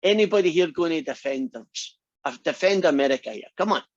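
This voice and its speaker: Here a slightly high-pitched man with lively intonation talks briskly, no echo audible. He's a math teacher lecturing in a chatty, teasing manner and frequently asks the class questions, all on a dull lo-fi recording.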